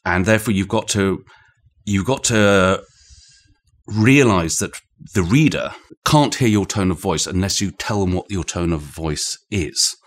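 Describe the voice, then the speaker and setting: Brief: British male author, very low voice, musing guest with many restarts, talking across a room. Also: unhurried. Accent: British English. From Britain. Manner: thoughtful, digressive, frequent restarts. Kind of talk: conversational explanation. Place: indoor room shared with the host.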